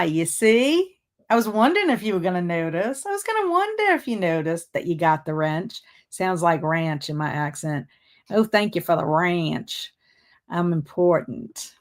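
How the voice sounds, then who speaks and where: A middle-aged woman, hosting a casual livestream, reading viewer comments aloud and answering them. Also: on the low side. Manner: chatty, reads viewer comments aloud and replies. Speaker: livestream host reading chat.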